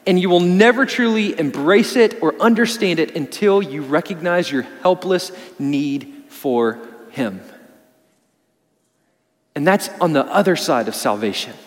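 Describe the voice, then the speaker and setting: A man preaching a sermon as pastor, pressing his points hard and then dropping low and soft for emphasis. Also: lively intonation, measured pace, long reverb tail. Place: church sanctuary.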